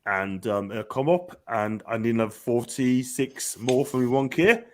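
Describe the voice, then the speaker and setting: A man's voice: medium pitch, moderate pace, darkish tone. A man on a casual fan podcast, speaking hesitantly with fillers as he plugs his own channel.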